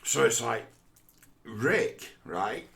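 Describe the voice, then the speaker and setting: A man's voice: medium pitch, animated, very slow, gravelly, a bit bright, slight background noise. A man in a casual, rambling monologue, swearing often and talking conversationally.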